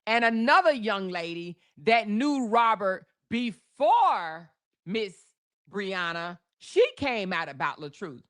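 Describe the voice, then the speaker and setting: A woman hosts a live stream in a loose, chatty way, stretching out words and laughing easily as she talks to her viewers. Her voice is bright and forward. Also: mid-range voice, sing-song, slow pace. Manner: chatty, drawls names, reads super chats aloud, laughs often. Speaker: livestream host. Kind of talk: casual live chat with viewers.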